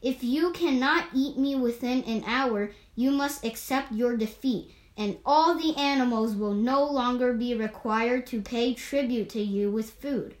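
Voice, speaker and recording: A woman reads a calm, confident male panda from a storybook. He speaks plainly and firmly in a fairly high voice. The room adds an echo. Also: a little slow.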